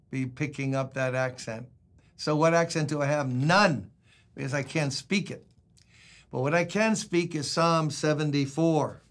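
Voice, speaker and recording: An older man, a pastor, giving a conversational devotional sermon, telling folksy stories and reading scripture aloud. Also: mid-range voice.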